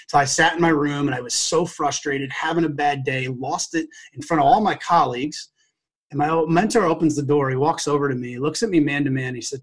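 A man, an educator, telling a personal story to a podcast host in an earnest, heartfelt way, often halting and restarting his sentences. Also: on the high side, breathy edge. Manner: acts out quoted dialogue.

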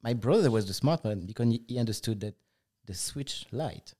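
A man talking as a guest in a casual chat, in a relaxed, reflective way. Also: medium pitch, a little fast.

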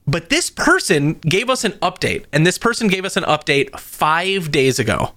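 A man with a slightly high voice co-hosts a casual podcast and tells stories with lively jumps in pitch. He sounds close to the mic in a dry, dead room. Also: normal speed, hardly any pauses, dry recording. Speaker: podcast co-host. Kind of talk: casual chat.

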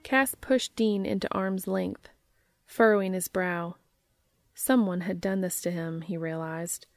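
A woman reading a story aloud in steady, measured narration. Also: on the low side, no echo, clean studio sound, faint music behind. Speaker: reader.

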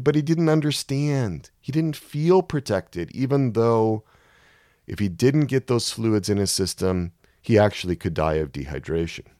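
A man giving a sermon-style Bible teaching, emphatic and measured, reading scripture and explaining it. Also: medium pitch, a little mellow, no echo, clean studio sound. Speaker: Christian teacher.

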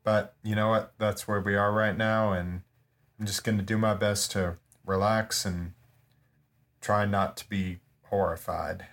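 A man's voice: fairly low pitch, level tone, measured pace, a bit bright. A man playing a tabletop game, grumbling and reluctant in a dry way. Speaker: player.

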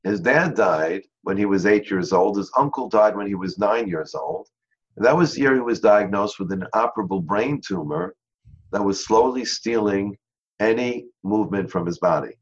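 A man guest in an interview, telling a story in an earnest way and slowing down on key phrases. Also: on the low side, lively intonation, husky. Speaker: interview guest, charity founder. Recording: dull lo-fi sound.

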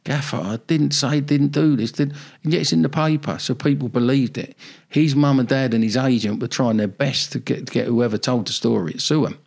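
A man's voice: medium pitch, a little fast, vocal fry, a little mellow. An older man with a South London accent, telling his story bluntly and animatedly in a podcast interview. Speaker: football manager guest.

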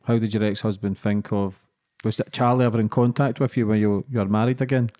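A man's voice: on the low side, fairly even intonation, fairly quick, dark tone. A man interviewing someone, asking short, direct probing questions.

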